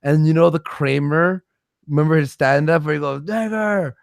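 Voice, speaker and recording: A man's voice: a little high, level tone, moderate pace, creaky, no room sound, studio quality. A man rambling through profane stories in a casual livestream chat.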